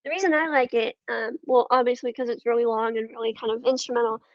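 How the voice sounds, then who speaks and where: High-pitched woman guest, lots of ums, hesitant rambly chat, dry slightly muffled audio. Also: steady tone, fast, slight background noise. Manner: hesitant, full of ums and trailing thoughts. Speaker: podcast guest. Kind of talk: casual conversation.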